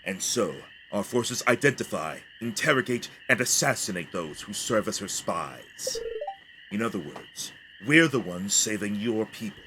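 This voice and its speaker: A man voicing a stern male spirit guardian in a video game, speaking in a measured, solemn way. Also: lowish voice, voice pushed down. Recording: steady background noise.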